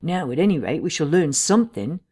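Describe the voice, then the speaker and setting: A woman's voice: deep voice, big pitch swings, fairly quick, a little mellow, breathy edge, heavily acted. A woman voicing a nervous, fussy male village doctor in an audiobook. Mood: fretful.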